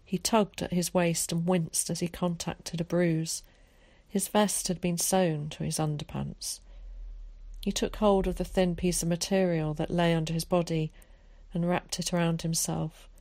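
A woman narrating an audiobook in a steady, measured storytelling voice. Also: fairly low pitch, no room sound. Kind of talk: scripted narration.

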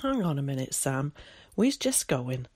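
A reader voicing a gruff, kind old countryman who speaks tersely in rural dialect, in an audiobook. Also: medium pitch, sing-song, a little slow, a little mellow, no echo, clean studio sound. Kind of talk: audiobook character voice.

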